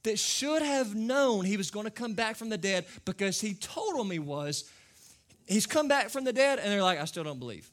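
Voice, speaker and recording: A man's voice: high voice, expressive, moderate pace, a bit bright. A man pastor preaching a conversational sermon to his congregation. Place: church service with a congregation.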